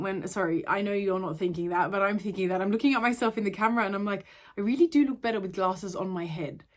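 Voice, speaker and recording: A woman's voice: a little high, fairly bright tone, dry recording. Chatty rambling woman vlogger. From Australia. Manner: chatty, rambling, self-correcting asides. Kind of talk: casual vlog talk to camera.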